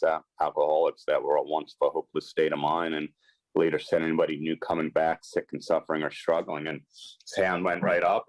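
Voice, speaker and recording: A man's voice: rumbling low, no room sound, low-quality recording. A man, a podcast guest, earnestly telling a personal story in conversation, acting out quoted dialogue with emphasis. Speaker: podcast guest, sports and celebrity agent.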